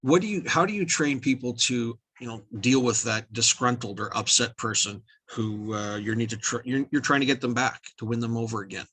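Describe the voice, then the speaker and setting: A man's voice: medium pitch, a little fast, few pauses, a bit bright, slightly rough. A man hosting an interview, giving short agreeing replies and asking long, winding questions. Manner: brief affirming replies, rambling questions. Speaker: host.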